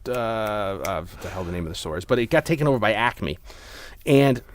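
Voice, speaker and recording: Telling a meandering story with lots of restarts, a young man hosts his podcast in a casual chat. His fairly low voice has lively intonation and a brisk pace.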